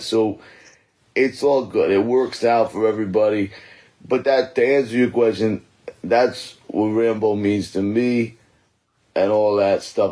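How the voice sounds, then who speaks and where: A man doing a gruff aging action star. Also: fairly low pitch, darkish tone, natural voice, low-quality recording. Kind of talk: comic impression.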